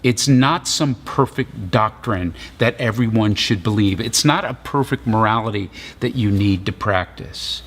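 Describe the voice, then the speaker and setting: A male pastor giving a sermon, retelling scripture in relaxed, casual storytelling. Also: on the low side, measured pace, few pauses.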